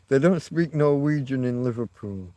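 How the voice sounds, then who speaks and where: A man's voice: medium pitch, warm tone, no echo. A man hosting a casual livestream, chatting loosely with viewers and reacting to their comments. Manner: meandering, reacts to chat, self-mocking asides. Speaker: livestream host. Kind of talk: rambling livestream chat with viewers. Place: living in Spain.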